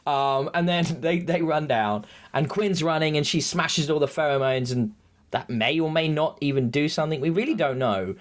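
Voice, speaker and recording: A man co-hosting a podcast, chatting casually and excitably on a headset mic, acting out the scenes he describes. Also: on the high side, moderate pace. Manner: excitable, jokey, acts out scenes. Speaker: podcast co-host. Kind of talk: casual recap chat.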